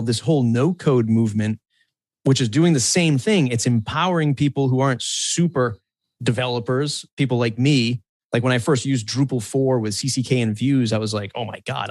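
A man's voice: mid-range voice, no room sound. A man talking loosely on a podcast panel, rambling and correcting himself as he goes, laughing now and then. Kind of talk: casual panel discussion.

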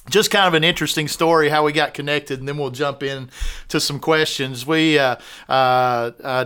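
A man's voice: on the high side, pushed and bright, smooth. A man co-hosting a podcast in casual chat, joking and rambling with lots of "uh" fillers. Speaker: podcast co-host.

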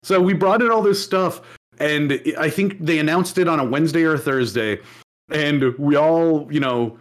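A young man co-hosting a casual podcast, telling stories with lively swings into mocking voices. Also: a little high, moderate pace. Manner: animated storyteller who swings into mocking voices. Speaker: podcast co-host. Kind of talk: casual chat.

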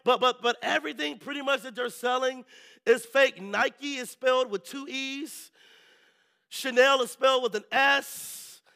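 A male pastor preaching a sermon, telling lively stories and often checking in with the congregation. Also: very high voice, measured pace, creaky. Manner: lively storytelling, keeps asking the crowd "right?".

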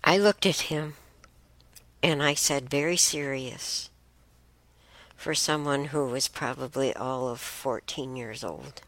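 A woman hosting a show, telling childhood stories casually, chatty and unhurried with restarts and fillers. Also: rumbling low, fairly bright tone, no room sound. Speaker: host. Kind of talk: casual storytelling.

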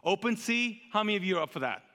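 A man delivers a sermon in a big, echoing room, his voice ringing long off the walls. He sits high for a man and sounds sharp and forceful. He preaches with animated energy and quick jokes. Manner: animated, joking preacher who gets louder and higher while telling a story. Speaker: pastor. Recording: reverberant hall.

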